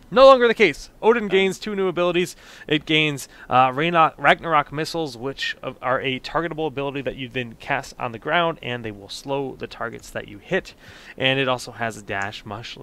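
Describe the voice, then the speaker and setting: A man hosting a casual panel chat, explaining changes in an animated, emphatic way. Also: mid-range voice, brisk. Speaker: podcast host. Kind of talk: casual panel chat about a game patch.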